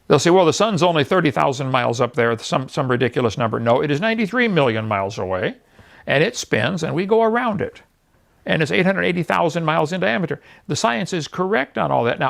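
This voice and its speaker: Middle-aged male speaker, gravelly and lively, jokey mocking lecture style. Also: fairly high pitch. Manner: mocking, jokey and blunt, laughs at his own points. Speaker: creationist speaker. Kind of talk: folksy seminar lecture.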